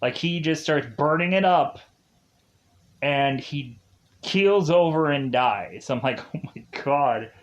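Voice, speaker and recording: A man's voice: a little high, animated, slow pace. Rambling, laughing man recapping a film. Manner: rambling, laughs often, frequent filler words. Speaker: film reviewer. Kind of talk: casual spoken film recap.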